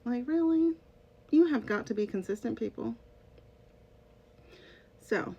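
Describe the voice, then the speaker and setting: A woman's voice: gravelly, dark tone, husky. A woman who used to teach English, talking to her viewers in a casual commentary vlog. She is sarcastic and emphatic and addresses her audience directly. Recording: dull lo-fi sound with faint rumble.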